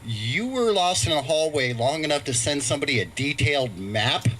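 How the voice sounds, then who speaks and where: A man's voice: on the high side, expressive, moderate pace, a bit bright, poor audio. A man teasing a fellow comic with blunt, profane questions. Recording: faint background noise, live stream.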